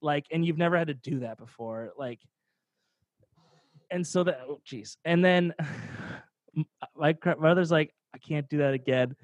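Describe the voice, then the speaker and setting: A man's voice: fairly high pitch, unhurried, long pauses, no echo, highs cut off. A young man casually telling a rambling, profane story, laughing along the way. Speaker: podcast storyteller.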